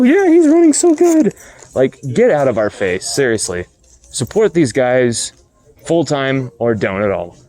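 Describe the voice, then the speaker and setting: A man's voice: mid-range voice, a little mellow. Heated man ranting about sports. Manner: blunt, heated, profane, repetitive. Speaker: sports commentary host. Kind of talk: opinionated sports rant.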